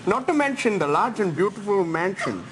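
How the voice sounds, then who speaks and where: A man's voice: high voice, very animated, moderate pace. A man playing a scheming male lawyer villain in a live comedy radio-serial sketch, with hammy theatrical delivery. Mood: smarmy. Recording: loud noisy live studio broadcast.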